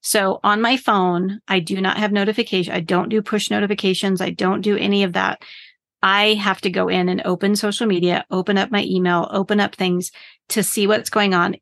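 Woman coach with gravelly voice. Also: mid-range voice, level tone, fairly quick, a bit bright, no room sound. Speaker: business coach guest. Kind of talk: casual podcast interview.

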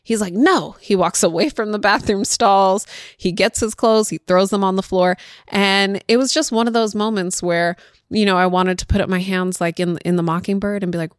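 A woman in her thirties hosting a parenting show, chatty and warmly conversational, laughing easily and peppering her talk with "like." Her pitch sits in the middle range. The recording is dry and close, with no room echo. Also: steady tone, moderate pace, smooth. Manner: chatty, laughs often, many "like" fillers. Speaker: parenting podcast host. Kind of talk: casual chat.

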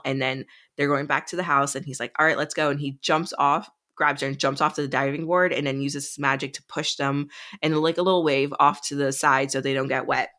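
A woman's voice: low-pitched, fairly bright tone. A woman co-hosting a podcast, chatting casually as she recaps a novel's plot and acts out the characters' lines. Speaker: podcast co-host.

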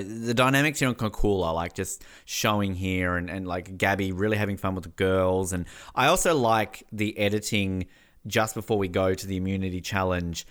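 A man co-hosting a casual recap podcast, excitable, laughing often and swearing freely. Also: deep voice. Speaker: podcast co-host.

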